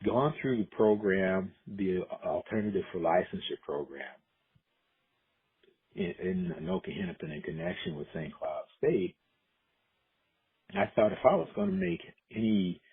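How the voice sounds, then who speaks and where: A man's voice: low-pitched, very animated, measured pace, vocal fry, long pauses, breathy edge. A man from Decatur, Illinois, an educator, telling his life story in a reflective oral history interview with frequent restarts. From Decatur, Illinois, USA. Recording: muffled phone-like audio.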